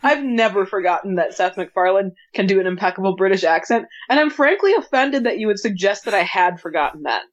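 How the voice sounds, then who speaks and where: A woman's voice: mid-range voice, animated, brisk, few pauses. A woman co-hosting a podcast in casual chat, sarcastic and mock-offended. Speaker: podcast co-host. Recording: dull lo-fi sound.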